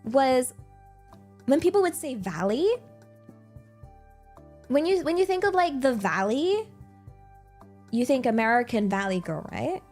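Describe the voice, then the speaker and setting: A bubbly young Englishwoman chats on her livestream with a bright, fairly high voice that swoops up and down. She talks in an excitable, giggly way. Soft music plays faintly behind her. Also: measured pace, long pauses. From England. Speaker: streamer. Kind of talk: casual livestream chat.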